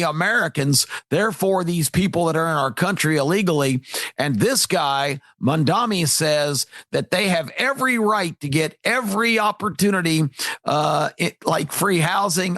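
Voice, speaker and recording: A man delivering an emphatic opinion monologue as a radio commentator, hitting words hard and filling pauses with "uh". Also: fairly high pitch, fairly bright tone, no room sound. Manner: emphatic, repetitive, frequent "uh" fillers.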